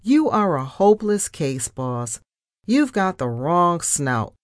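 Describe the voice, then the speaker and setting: A woman voicing a bubbly, blunt young female mouse assistant with a squeaky voice. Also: sing-song, takes it slowly, no room sound, clean studio sound. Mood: bossy.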